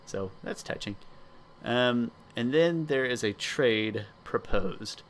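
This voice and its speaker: A man's voice: medium pitch, expressive, slow, slight background noise. A man co-hosting a podcast in casual chat, reflective and full of fillers. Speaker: podcast co-host.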